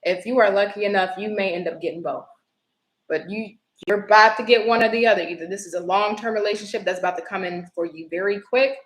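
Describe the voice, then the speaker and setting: Woman tarot reader, chatty, lively, live stream, roomy echo. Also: medium pitch, fast talker. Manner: chatty, expressive, greets viewers by name.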